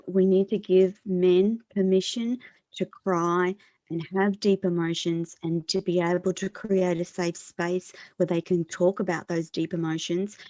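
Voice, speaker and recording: A woman hosting an interview show, speaking in an earnest, encouraging, measured way. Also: lowish voice, level tone, dark tone, no echo. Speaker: host. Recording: dull, dry lo-fi sound.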